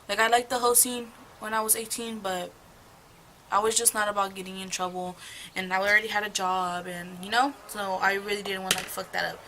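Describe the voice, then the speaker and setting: A woman's voice: mid-range voice, flat delivery, fairly quick, pushed and bright, slight background noise, rough recording. A young woman in her home chatting casually while doing her makeup, telling a rambling, profane story full of gossip. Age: young adult. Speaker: beauty vlogger. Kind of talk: get-ready-with-me storytime chat.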